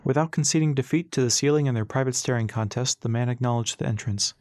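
A man narrating an adventure story in a steady, expressive audiobook style. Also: mid-range voice, quick pace, hardly any pauses, dry recording, clean studio sound.

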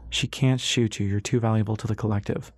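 A man's voice: on the low side, fairly even intonation, a little fast, dry recording, clean studio sound, close to an everyday voice. A man narrator voicing a wry, stubborn male airship pilot in an audiobook, speaking in a sardonic way.

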